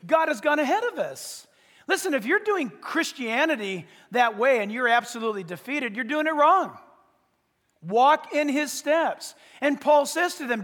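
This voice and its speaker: A male pastor preaching a sermon, emphatic, often pausing to say "listen" to press his points. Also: very high voice, fairly bright tone. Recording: reverberant hall.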